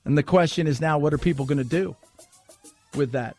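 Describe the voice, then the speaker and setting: Male talk radio host, high voice, sarcastic and animated, light music underneath. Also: brisk. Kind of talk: talk radio monologue and ad read.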